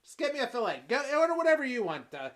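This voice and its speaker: A woman's voice: fairly high pitch, sing-song, racing. Woman playing a fussy demanding date. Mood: fussy, bossy. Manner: stammering, bossy, flares into shouting. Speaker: improviser. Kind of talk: improvised comedy scene.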